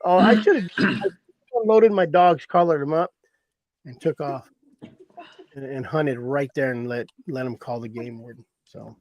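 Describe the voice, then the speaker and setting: A man's voice: medium pitch, moderate pace, no echo, highs cut off. A middle-aged man, rambling through a hunting story in a folksy way and laughing at it himself. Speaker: hunting guide. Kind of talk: casual storytelling.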